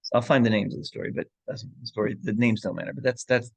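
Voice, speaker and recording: A man's voice: mid-range voice, steady tone, fast talker, gravelly, slightly rough, no echo. A man teaching an informal Torah class, telling a story with many restarts and asides, and mixing Hebrew and Yiddish terms into English.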